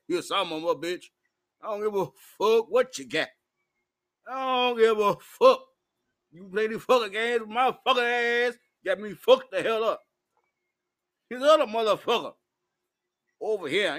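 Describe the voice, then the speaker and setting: A drunk man with a high voice rambles through a profane, combative rant. His speech is loose and hiccuping as he vents straight at the camera. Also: fairly bright tone. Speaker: vlogger. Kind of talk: drunken ranting monologue.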